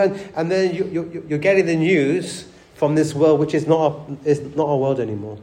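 In an echoey room, a pastor with a slightly high, mellow voice preaches briskly, hardly pausing. His sermon style is conversational, full of rhetorical questions to the congregation and repeated words when he starts a thought over.

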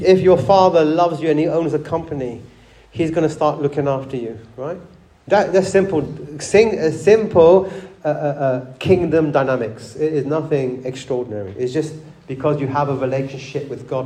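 A man's voice: a little high, dark tone, roomy sound. A man preaching a sermon, conversational, often asking the church rhetorical questions and repeating words as he restarts. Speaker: pastor.

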